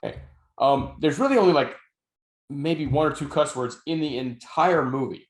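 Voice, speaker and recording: A man's voice: fairly high pitch, normal speed. A middle-aged man co-hosting a podcast, telling stories with dry, wry asides. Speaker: podcast co-host and novelist. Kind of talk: casual podcast chat. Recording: roomy echo.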